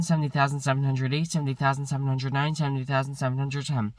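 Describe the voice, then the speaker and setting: A man rattles through long numbers at a rapid clip, stumbling now and then and correcting himself. His voice sits at an ordinary middle pitch and sounds a little distant from the microphone. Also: little pitch movement, dry recording. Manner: rapid rote counting with slips, self-corrections and bursts of swearing frustration. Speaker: streamer counting aloud. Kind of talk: long monotonous counting stream.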